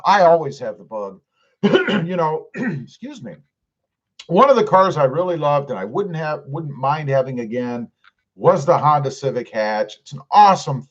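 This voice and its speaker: Clearing his throat, a middle-aged man with a voice on the high side runs a laid-back live stream, captured on a muffled recording. He's chatty, reading viewers' comments out loud and firing back jokes.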